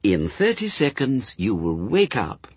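A man's voice: fairly low pitch, huge pitch swings, a little slow, husky, no room sound, full character voice. Aziraphale, a man doing a prim fussy angel. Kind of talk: audiobook character voice.

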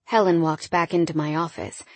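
A woman narrating a first-person romance audiobook in an intimate, wistful way that often drops quiet. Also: sits low, steady tone, moderate pace, dry recording.

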